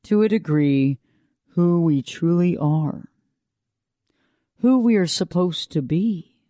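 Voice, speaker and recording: A woman with a lower voice than she'd like, giving an unhurried, reflective motivational talk that repeats phrases and asks the listener questions. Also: animated, dark tone, no echo. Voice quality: lower voice than she wished for. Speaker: motivational speaker.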